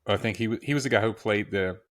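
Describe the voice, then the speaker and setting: A man with a fairly low voice co-hosts a casual podcast. He chimes in briefly and recalls details haltingly, sounding a little distant from the mic. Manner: brief agreeing interjections, halting recollection. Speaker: podcast co-host.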